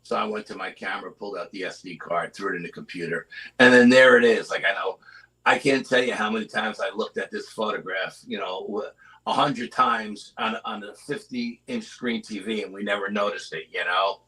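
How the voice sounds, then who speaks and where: A middle-aged man guests on a live interview and tells his story in an animated way. His voice sits low but comes out forceful and tense, and he keeps tagging his sentences with "you know?". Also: normal speed, rough recording. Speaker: guest, cryptid investigator.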